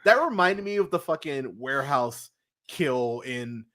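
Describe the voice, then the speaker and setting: Excitable guy on a podcast mic, swears a lot, acts out the bits he's retelling. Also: mid-range voice, measured pace. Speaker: podcast host. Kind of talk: casual podcast review chat.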